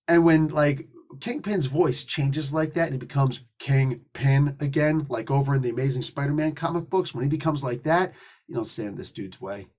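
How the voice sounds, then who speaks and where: A man hosting a casual, slangy comic book review, excitable and laughing often. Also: mid-range voice, normal speed.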